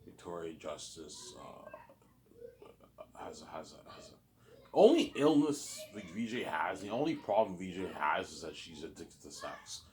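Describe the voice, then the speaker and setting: Low-voiced guy rambling on, keeps restarting words, faint hiss behind. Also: creaky, a little mellow. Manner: repetitive, halting, many restarts. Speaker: vlogger. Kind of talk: casual rambling monologue.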